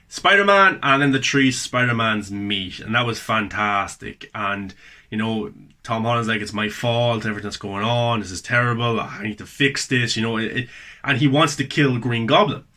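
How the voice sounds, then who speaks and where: A man's voice: medium pitch, sharp tone. A man hosting a casual spoken movie review, enthusiastic and repeating words for emphasis.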